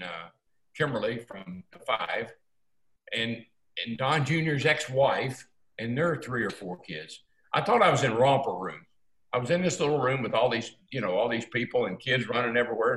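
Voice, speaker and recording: Older male storyteller, folksy and animated, echoey room. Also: mid-range voice. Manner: folksy, animated, acts out quotes. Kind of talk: casual storytelling.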